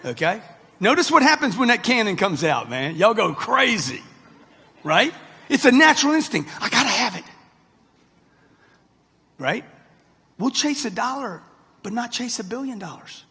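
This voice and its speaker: A man in his sixties delivers a live motivational talk with a brash, punchy manner and talks straight at the crowd. His voice sits high for a man and has a husky edge. The sound carries the long reverb of a large event hall. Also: sing-song, moderate pace, sharp tone. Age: 60s. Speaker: motivational speaker.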